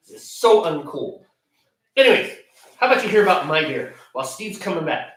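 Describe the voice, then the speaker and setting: Animated, exasperated homebrewing man. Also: high voice, fast talker. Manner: animated, exasperated, self-mocking. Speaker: homebrewer co-host of a live stream. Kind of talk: casual ranting chat. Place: home brewing area, computer far away. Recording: roomy sound from a mic far off.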